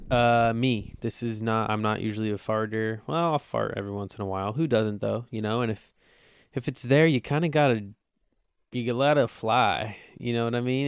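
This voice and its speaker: A man's voice: medium pitch, vocal fry, clear, resonant tone, no room sound, clean studio sound. A young adult man hosting a casual solo podcast, rambling with crude, self-mocking humor. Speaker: podcast host.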